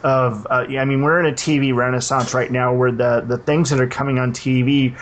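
Man, mid-pitched, rambling podcast co-host, halting with lots of "uh". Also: level tone, slight background noise. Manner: hesitant, many restarts and "uh". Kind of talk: casual podcast chat.

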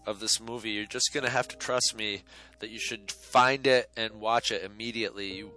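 A man's voice: on the low side, fairly even intonation, normal speed, pushed and bright, faint music behind, rough recording. A man giving a casual, opinionated film review, blunt and sarcastic and swearing now and then. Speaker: movie reviewer.

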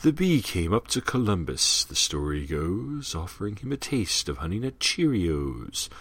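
A playful storybook narrator for an old cereal ad, as a man puts him on. The pitch bounces up for the characters in a singsong rhyme. The sound is dry and close. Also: big pitch swings, a little slow, a bit bright, slightly rough, dry recording, heavily acted. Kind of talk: storybook ad reading.

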